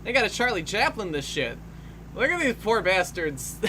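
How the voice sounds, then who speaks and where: A man talks casually over a film, his voice high and sharply bright. His delivery is slow and unhurried but swings widely in pitch. He swears freely and breaks into laughter often. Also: sing-song, slight background noise. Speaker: film commentator.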